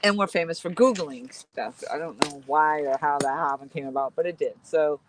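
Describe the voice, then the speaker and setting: A woman's voice: deep voice, moderate pace, noisy background. Chatty woman rambling by a campfire. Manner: rambling, laughing storyteller. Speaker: channel host. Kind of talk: casual campfire chat. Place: outdoors by a campfire at night. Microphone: headset.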